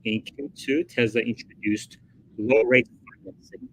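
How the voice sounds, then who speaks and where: A man's voice: mid-range voice, steady tone, measured pace, a bit bright, a little hiss or hum, rough recording. A man hosting a casual livestream, talking through financial figures in a chatty way and thinking aloud as he goes. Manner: chatty, thinking aloud, reads quotes from a report. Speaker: livestream host.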